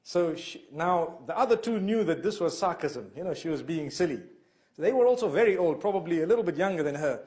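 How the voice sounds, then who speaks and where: A man preacher telling a humorous anecdote in a sermon, animated, acting out the quoted voices. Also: fairly high pitch, fairly quick. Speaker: Islamic preacher.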